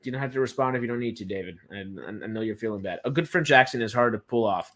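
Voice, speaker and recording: A man's voice: lowish voice, fast, a bit bright. A young man from Texas, chatting casually as a film news co-host on a live stream, rambling, stammering and enthusiastic.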